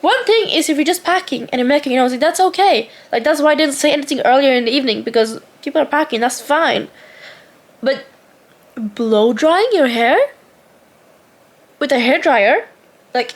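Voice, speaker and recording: Young woman vlogging, high voice, ranting away with lots of "like". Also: moderate pace, pauses often. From Norway. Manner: animated, exasperated ranting with lots of "like". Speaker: travel vlogger. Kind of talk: casual storytelling to camera.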